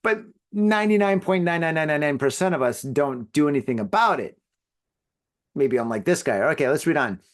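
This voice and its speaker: Male podcast host, solo show, rambling, joking, slightly higher voice. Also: expressive, normal speed. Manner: rambling, joking, filler-heavy. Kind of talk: solo podcast, reading news.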